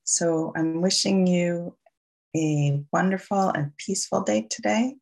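A medium-pitched voice with vocal fry and a New York accent belongs to a meditation teacher guiding a slow, soothing loving-kindness session, gently encouraging listeners along.

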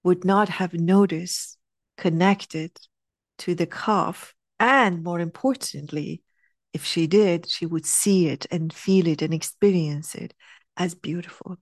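A woman's voice: fairly low pitch, slow, no room sound, studio quality. Earnest woman telling a heartfelt story. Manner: earnest, animated, dropping to a soft hush at tender moments. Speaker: speaker sharing a personal story.

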